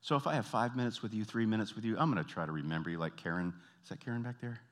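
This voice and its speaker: A Southern man with a Southern US accent does an animated stand-up comedy routine at a very fast clip. He tells stories and keeps jumping into high, exaggerated put-on voices.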